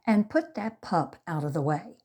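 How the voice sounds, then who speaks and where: A woman voicing a firm, calm mother who gives commands. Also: on the low side, normal speed.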